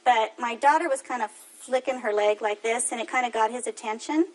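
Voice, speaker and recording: A woman with a somewhat high voice testifies before a TV judge. She retells events earnestly and animatedly, acting out what others said. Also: fairly quick, rough recording. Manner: earnest, animated storytelling that acts out quotes. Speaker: defendant on a court show. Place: TV courtroom.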